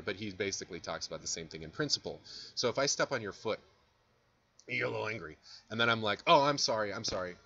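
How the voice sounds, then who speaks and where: Young guy lecturing on philosophy, kinda low voice but bright and punchy, chatty, jokes at himself, dull lo-fi sound. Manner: chatty, self-deprecating, acts out examples. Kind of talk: casual recorded lecture.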